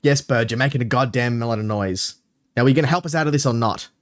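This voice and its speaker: Man voicing a gruff chained deep gnome. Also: fairly quick, natural voice. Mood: irritated. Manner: gruff, impatient, swearing. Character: grumpy chained male deep gnome captive.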